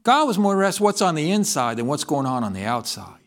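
Male preacher with a lively, swooping pitch, asks the room questions as he goes. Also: quick pace. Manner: reads scripture aloud in King James wording. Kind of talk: sermon.

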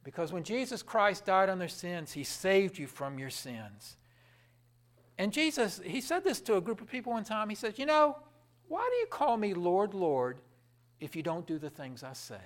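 A man preaching a sermon with fervour, asking the crowd questions and answering them himself, swinging from loud emphatic peaks to low quiet drops. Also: sing-song, moderate pace. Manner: fervent, rising to loud emphatic peaks then dropping low.

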